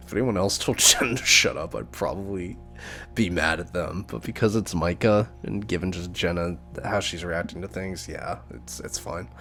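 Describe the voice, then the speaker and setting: A man reading a visual novel aloud, narrating and adding relaxed side comments. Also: deep voice, moderate pace, faint music behind. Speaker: game narrator and player.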